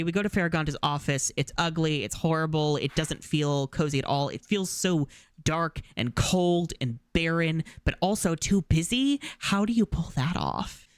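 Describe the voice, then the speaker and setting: A man's voice: a little high, normal speed, no room sound, studio quality. A man streaming live, giving sarcastic, ranting reaction commentary on a cartoon.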